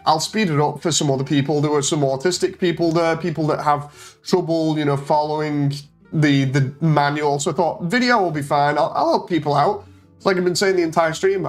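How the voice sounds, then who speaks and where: Guy on a stream with a kinda high voice, mocking people's chat messages as he tells it, soft guitar in the back. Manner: animated storytelling, reading out chat messages in a mocking tone. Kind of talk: casual stream chat, retelling an online exchange.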